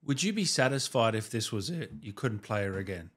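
A man's voice: on the low side, lively intonation, fairly quick, a bit bright, slightly rough. A male host asking curious, encouraging questions in a casual interview. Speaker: podcast host.

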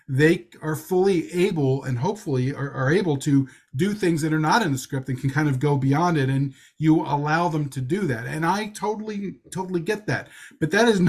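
A man co-hosting a podcast, giving wry, thoughtful film criticism in casual chat. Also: on the high side. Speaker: podcast co-host reviewing a film.

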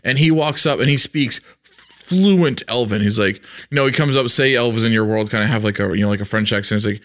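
A man talking loosely about running tabletop games, full of fillers and restarts. He laughs easily and slips into quick silly voices. His pitch sits in an ordinary middle range. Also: fairly bright tone. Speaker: podcast co-host. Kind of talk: casual chat about tabletop game mastering.

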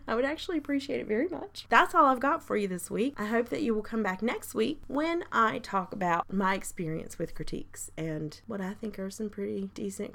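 A woman with a croaky voice hosting a casual solo podcast, chatty and rambling, with frequent light laughs and audible intakes of breath. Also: fairly high pitch, fairly bright tone. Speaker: podcast host.

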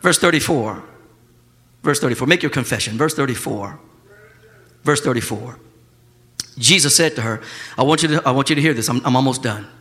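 A male pastor, preaching a sermon that swings from quiet, close talk to shouting. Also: mid-range voice, brisk, long pauses, big-room sound.

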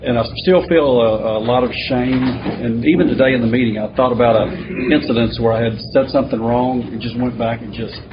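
A man's voice: mid-range voice, fairly even intonation, brisk, few pauses. A man in a recovery meeting earnestly sharing his struggle and asking a question, searching for words with many fillers. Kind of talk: sharing at a twelve-step meeting. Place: meeting room. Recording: muffled recording with audible hiss.

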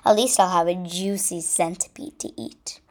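A woman's voice: lowish voice, moderate pace, darkish tone, lightly acted. A woman voicing a scheming, hungry male crow in a read-aloud storybook, talking slyly and bossily. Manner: sly, bossy.

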